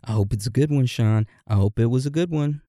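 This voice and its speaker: A man co-hosting a podcast in casual chat, playfully reading out listener messages and birthday shout-outs. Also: medium pitch, brisk, no room sound, studio quality. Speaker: podcast co-host.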